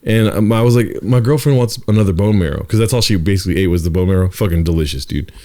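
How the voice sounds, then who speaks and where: A man's voice: low voice, fast talker. A man hosting a podcast, telling a story in casual chat with lots of swearing and "dude" at the end of his lines. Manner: profane, animated storytelling, ends lines with "dude". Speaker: podcast host.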